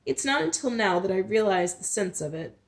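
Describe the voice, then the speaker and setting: A woman's voice: mid-range voice, lively intonation, brisk. A woman reading a novel aloud in first person, with small slips and restarts. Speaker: storyteller.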